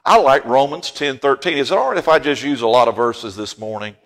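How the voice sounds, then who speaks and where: A middle-aged man preaching a sermon in a church, folksy and joking with the congregation, rising to loud emphasis on key phrases. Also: mid-range voice, a little fast. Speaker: pastor. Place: church sanctuary.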